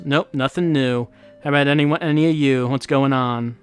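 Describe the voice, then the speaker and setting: A male let's-play host speaks at normal speed in a medium-pitched, steady voice that is clear and resonant. His casual commentary is wry and musing as he thinks aloud mid-game, with faint game music in the background.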